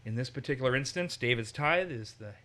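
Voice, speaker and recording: A man's voice: mid-range voice, animated, fairly quick, fairly bright tone. A man teaching the Bible, reading the passage aloud and then breaking off to explain it with personal asides. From the north. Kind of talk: reading scripture aloud and commenting in a group discussion.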